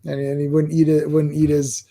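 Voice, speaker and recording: Fairly high in pitch yet monotone, his voice is gravelly and warm, moving at a moderate pace. He hosts a laid-back wrestling podcast, wandering through lengthy anecdotes and chuckling at his own tales.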